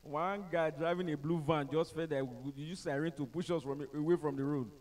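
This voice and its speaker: A Nigerian man speaking as a motivational speaker, telling funny stories to a live crowd. His voice sits high for a man, and he keeps it animated and joking, acting out the people in his tales. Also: normal speed, distant mic. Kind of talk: humorous storytelling to a live audience.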